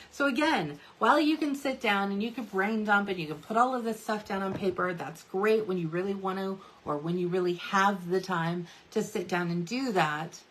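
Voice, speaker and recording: A woman's voice: mid-range voice, slight background noise. A woman in her thirties giving a chatty social media tutorial, often checking in with "right?" and "okay?". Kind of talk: casual tutorial talk to camera.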